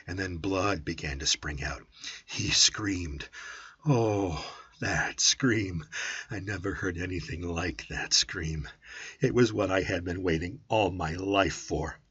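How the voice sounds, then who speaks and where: A man narrating a first-person story as an audiobook, with an intense, brooding delivery that drops to a hush at times. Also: sits low, slightly rough, dry recording. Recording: dull lo-fi audiobook recording.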